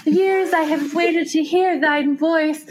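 A man's voice: very high-pitched, steady tone, slow, voice pushed up. A woman voicing a flowery, adoring male dragon who talks in old-fashioned Shakespearean phrases. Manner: theatrical Shakespearean diction.

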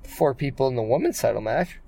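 A man's voice: mid-range voice, lively intonation, fairly quick, creaky, dark tone, soft background music. Rambling man co-hosting a podcast. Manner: rambling, lots of fillers and restarts. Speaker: podcast co-host. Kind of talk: casual wrestling podcast chat.

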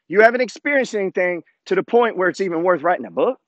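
Middle-aged male creator, confrontational and profane, slightly high voice, dry close sound. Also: sing-song, fast, few pauses, no room sound, dull audio. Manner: profane, confrontational, swings between loud and low. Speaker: finance content creator. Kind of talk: blunt motivational rant.

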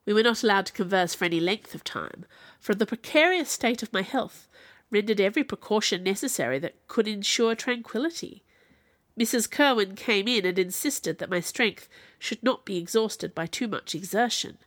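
A woman's voice: medium pitch, normal speed, dry recording. Woman narrating a classic novel, dry sound. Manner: expressive, dramatic in quoted speech. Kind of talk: audiobook reading of a classic novel.

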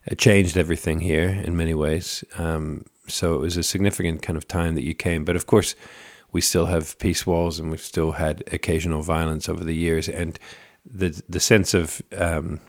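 A man interviewing a guest, halting and searching for words with many fillers. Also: low-pitched, flat delivery, dry recording, clean studio sound. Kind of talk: conversational interview.

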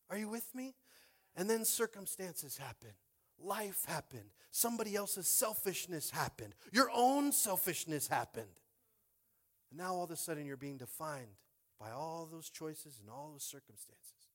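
Animated man preaching a sermon. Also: on the high side, a little slow. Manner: animated preaching, repeated "Are you with me?" call-outs. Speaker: pastor.

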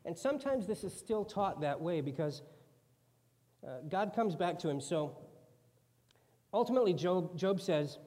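A man's voice: sits high, lively intonation, a little slow, pauses often, dark tone. A man preaching a sermon in a conversational way, now and then acting out quoted voices. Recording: long hall reverb.

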